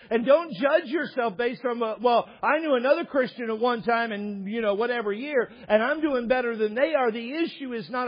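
A man's voice: high-pitched, breathy edge. A male pastor preaching a sermon, asking his congregation earnest, direct questions. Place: church sanctuary. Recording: dull echoing church hall.

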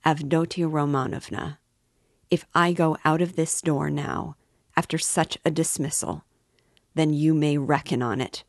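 A woman's voice: sits low, steady tone, a little slow, no echo, clean studio sound. A woman reading the part of a pompous, sarcastic middle-aged male suitor in a lofty tone. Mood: indignant.

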